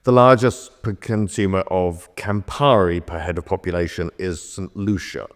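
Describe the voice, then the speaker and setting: A man's voice: sits low, steady tone, moderate pace. A middle-aged man, a veteran bartender, telling rambling stories in a casual conversation. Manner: rambling anecdotal storytelling. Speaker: bartender guest.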